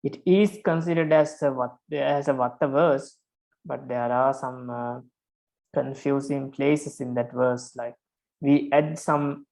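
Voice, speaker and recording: Patient monk teaching with a gravelly voice. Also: male voice, medium pitch, darkish tone, low-quality recording. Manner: patient, counts syllables aloud, frequent fillers and repeats. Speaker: Pali teacher. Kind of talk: online lesson on verse meter.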